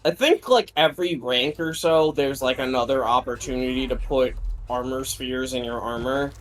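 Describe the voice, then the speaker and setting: A man's voice: mid-range voice, moderate pace, soft background music, poor audio. A man around thirty chatting casually while playing a game with a friend, rambling, swearing offhand and restarting his sentences. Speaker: streamer playing co-op. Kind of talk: casual gameplay chat.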